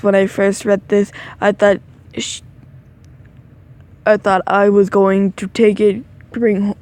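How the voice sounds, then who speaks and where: A drowsy woman reads a second-person story aloud at a slow, unhurried pace, her voice mellow and soft-edged. She stumbles over words now and then and stops to comment on what she reads. She is recorded on a phone mic. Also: medium pitch. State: sleepy, yawning. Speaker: reader of fan fiction. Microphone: phone microphone.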